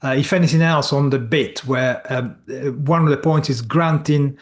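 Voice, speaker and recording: A man's voice: medium pitch, normal speed. Blunt, scornful man. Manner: blunt, scornful, colloquial, with stumbles. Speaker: guest commentator. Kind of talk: opinionated discussion.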